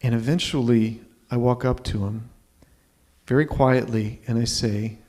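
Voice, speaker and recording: A man's voice: medium pitch, steady tone, measured pace, dark tone. A man in his fifties telling a personal story live on stage, conversational and checking in with the audience. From Ontario, Canada.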